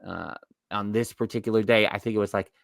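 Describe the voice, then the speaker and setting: Low-voiced New York man, rambling host. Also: steady tone, fairly quick, gravelly, dry recording. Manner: rambling, self-correcting storyteller. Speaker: podcast co-host. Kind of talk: casual chat.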